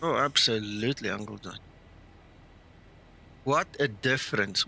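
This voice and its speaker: A man flying a flight simulator, mixing polite radio calls with relaxed chatter. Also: mid-range voice, moderate pace, gravelly, a little hiss or hum. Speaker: virtual airline pilot streaming a flight simulator. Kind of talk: radio calls and casual commentary.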